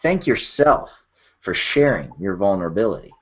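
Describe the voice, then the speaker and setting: Deep-voiced male workshop leader, soft and sighing, guiding an emotional check-in; dull lo-fi recording. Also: sing-song, moderate pace, breathy edge. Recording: dull lo-fi sound.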